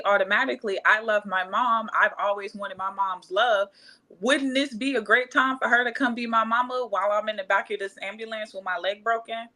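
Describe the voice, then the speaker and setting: Young woman from Cleveland, bright tone, casual and animated storyteller. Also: mid-range voice, low-quality recording. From Cleveland, Ohio. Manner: animated, acts out quotes, laughs often. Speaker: podcast guest.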